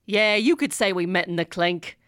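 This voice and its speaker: A woman voicing a cocky, dashing male gentleman thief with a British-sounding accent, talking in a breezy, cheeky way full of slang. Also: medium pitch, lively intonation, moderate pace, clear, resonant tone, no room sound, clean studio sound, natural voice. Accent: British-sounding put-on accent. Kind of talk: comedic audio drama acting.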